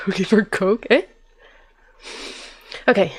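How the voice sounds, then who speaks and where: A woman's voice: mid-range voice, expressive, unhurried, long pauses, dry recording. A young woman chatting casually while streaming a game, giggly and rambling with self-deprecating asides.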